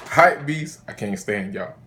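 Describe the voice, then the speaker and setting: A man's voice: on the low side, expressive, measured pace, pushed and bright, faint music behind. A man with a Southern US accent ranting in a casual sneaker vlog from his car, agitated, slangy and profane. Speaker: sneaker vlogger.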